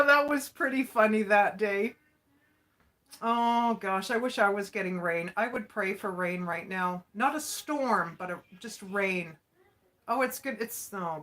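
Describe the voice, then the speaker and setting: A woman with a somewhat high voice chats through a livestream at her craft table. She talks in an unhurried way, dropping folksy exclamations and laughing often between sentences. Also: a bit bright. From Alberta, Canada. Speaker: livestream host. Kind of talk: casual chat while crafting.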